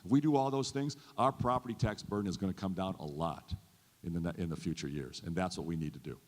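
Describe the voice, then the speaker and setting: A man's voice: low voice, fast talker. A man in his fifties, a state governor, giving an earnest, folksy stump speech that often repeats itself. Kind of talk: stump speech to a chamber audience. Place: large event hall. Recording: long hall reverb.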